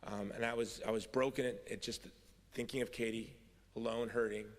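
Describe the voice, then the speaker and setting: A man's voice: mid-range voice, steady tone, a little fast. Middle-aged man telling a story in a hall. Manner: storytelling, wry then earnest. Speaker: convention speaker. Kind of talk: personal testimony speech. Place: large hall. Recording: long hall reverb.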